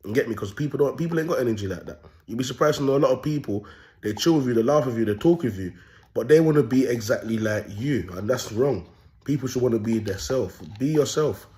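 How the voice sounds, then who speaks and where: A young self-styled prophet vlogger tells a story in a casual monologue, his mid-range voice moving at a quick pace. He's animated and full of street slang, often asking "you get me" to check in with listeners.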